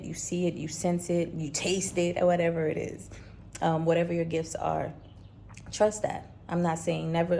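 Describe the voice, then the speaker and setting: A woman's voice: on the low side, vocal fry, dark tone, a little hiss or hum. A woman talking as a spiritual vlogger, earnest and repetitive in a coaching tone. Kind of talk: reflective spiritual talk.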